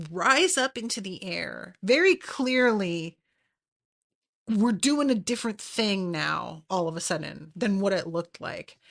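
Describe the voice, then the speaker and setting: A woman's voice: medium pitch, sharp tone. A woman hosting a podcast, chatting casually and animatedly with lots of fillers and swearing. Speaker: podcast host. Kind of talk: casual recap chat.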